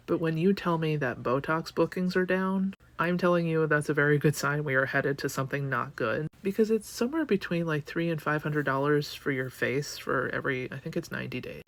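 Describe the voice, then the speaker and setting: A woman's voice: low voice, a little fast. A woman from Canada rambling sarcastically through a casual vlog monologue, full of fillers. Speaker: vlogger.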